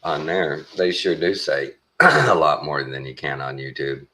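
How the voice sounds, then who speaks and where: A man with a Texan accent talking casually to his viewers, meandering along with lots of pauses and folksy phrasing. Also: extremely low pitch, bright, forceful tone. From Texas. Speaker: vlogger. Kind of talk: casual rambling monologue.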